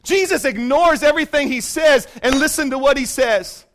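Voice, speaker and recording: High-voiced fervent male preacher. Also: normal speed. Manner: fervent preaching, swings from quiet asides to shouted commands. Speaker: pastor. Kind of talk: sermon. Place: church.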